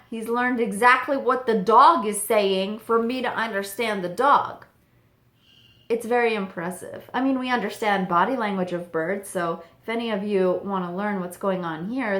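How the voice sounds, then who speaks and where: A young woman telling a story on her vlog in an animated way, quoting herself and her parrot. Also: medium pitch. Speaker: parrot channel vlogger. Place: home room with birds. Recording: echoey room.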